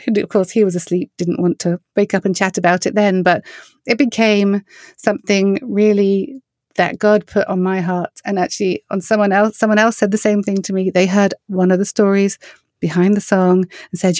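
A middle-aged woman with an English accent, a worship singer answering interview questions with earnest, storytelling warmth. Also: medium pitch, moderate pace, no room sound, clean studio sound. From England. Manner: earnest, storytelling, animated when quoting others.

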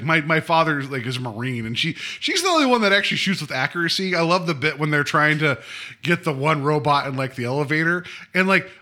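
A man talks up a movie with enthusiasm, stumbling over restarts as he goes. His voice is fairly high and bright, and it rises and falls a lot. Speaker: podcast co-host. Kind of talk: casual film review chat.

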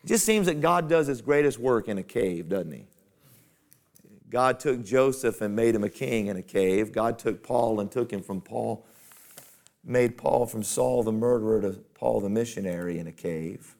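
A man's voice: fairly low pitch, lively intonation, moderate pace, creaky, a little mellow. A man preaching a sermon to fellow pastors in a folksy, conversational way that climbs to emphatic peaks.

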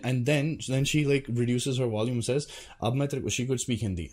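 A man's voice: medium pitch, a little mellow. A man telling a personal story to his viewers in a loose, rambling way, swearing often and full of fillers and restarts. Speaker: vlogger. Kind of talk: casual storytelling to camera.

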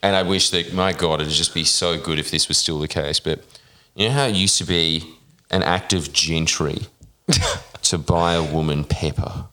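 A man's voice: low-pitched, steady tone, normal speed, sharp tone. A man co-hosting a casual podcast who riffs with jokes and emphatic asides. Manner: joking, emphatic riffing. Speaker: podcast co-host. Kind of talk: casual chat.

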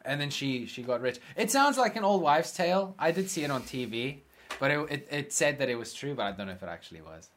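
A man co-hosting a casual chat, telling long stories with swearing and quick impressions of the people in them. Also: mid-range voice, a little hiss or hum. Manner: animated, swearing, acts out quoted people.

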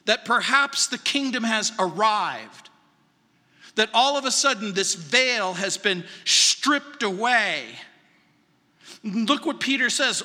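A man pastor preaching a sermon, animated and acting out quoted lines with sudden high exclamations. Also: slow pace, long reverb tail. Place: church sanctuary.

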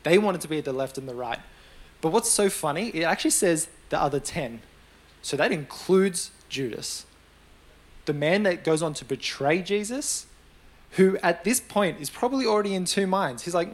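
A man's voice: a little high, moderate pace. Chatty young man preaching a sermon. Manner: conversational, animated storytelling with acted-out quotes.

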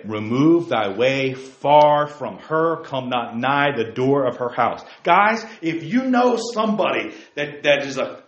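Fiery preaching man, roomy lo-fi sound. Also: a little high. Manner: emphatic, jumps to near-shouts, rhetorical questions. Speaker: Bible teacher. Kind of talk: fiery preaching Bible study.

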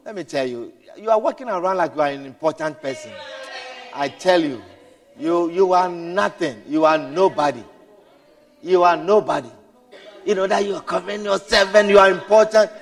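A man with a high voice delivers a sermon at a moderate pace, dropping to hushed storytelling, then rising to shouted exclamations, repeating words and adding hallelujah and amen. Long hall reverb fills the recording.

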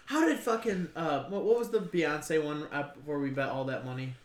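A man co-hosting a podcast in casual chat, excitable and profane, laughing often. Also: on the high side, moderate pace, roomy sound. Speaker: podcast co-host.

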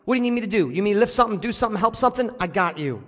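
A man preaches to his congregation, pressing his points home and slowing down to repeat the key lines. His voice sits high for a man. The sound rings with long reverb from the church sanctuary. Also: lively intonation, fairly bright tone. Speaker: pastor. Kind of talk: sermon. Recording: hall reverb.

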